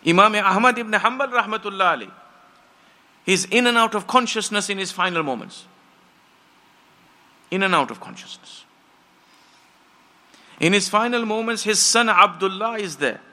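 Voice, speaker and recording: A man's voice: sits high, normal speed, long pauses, bright, forceful tone. A man preaching a sermon, telling stories with passion and acting out the voices of the people in them. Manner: impassioned storytelling, acts out quoted voices.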